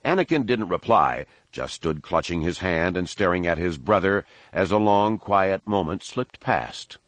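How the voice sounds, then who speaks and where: Deep-voiced male audiobook narrator. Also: lively intonation, unhurried, a bit bright, no echo. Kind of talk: scripted narration.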